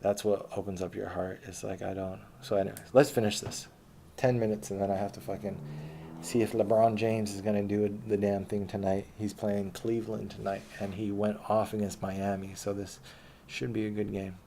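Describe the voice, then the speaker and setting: A man's voice: fairly low pitch, flat delivery, moderate pace, vocal fry, warm tone, a little hiss or hum. A man telling a rambling autobiographical story in a casual, profane way, with many restarts and fillers. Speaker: storyteller recounting his dating life.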